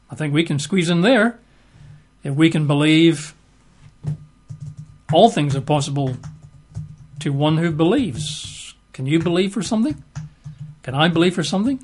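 A man's voice: fairly high pitch, breathy edge. A middle-aged man teaching from the Bible in a chatty, hesitant way, full of fillers. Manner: chatty and hesitant, many fillers and 'sort of'. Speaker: preacher.

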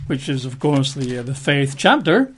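A man's voice: mid-range voice, big pitch swings, moderate pace, fairly bright tone, a little hiss or hum. A man preaching a sermon, reading scripture aloud and breaking off for conversational, wry asides with the odd chuckle.

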